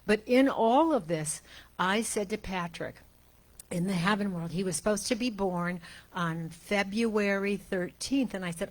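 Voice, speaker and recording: An older woman minister giving a sermon, chatting through family stories and then slowly reading a prayer aloud. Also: medium pitch. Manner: chatty storytelling, then slow deliberate reading. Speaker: guest minister.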